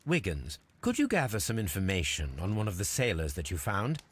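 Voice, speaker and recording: A precise, methodical game detective with a low voice that moves a lot. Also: male voice, sing-song, breathy edge. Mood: brisk. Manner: measured, precise questioning. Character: cool, methodical male detective, adult. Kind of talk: video game character dialogue.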